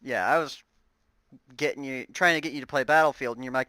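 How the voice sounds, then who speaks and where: A man's voice: mid-range voice, brisk, crowd noise, rough recording. A man co-hosting a casual gaming podcast, easygoing, laughing often and trailing off mid-sentence. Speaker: podcast co-host.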